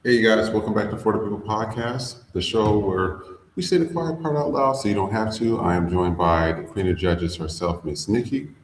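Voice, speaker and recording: A man's voice: on the low side, moderate pace, echoey room, a little hiss or hum, poor audio. A man hosting a podcast in casual commentary, blunt and profane, drawling with fillers. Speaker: podcast host.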